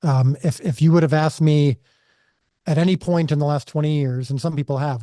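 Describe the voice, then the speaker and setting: A man's voice: a little high, steady tone, fairly quick, warm tone, dry recording, clean studio sound. A man guest on a podcast interview, telling a personal story earnestly and with animation, often restarting his sentences. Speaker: filmmaker guest.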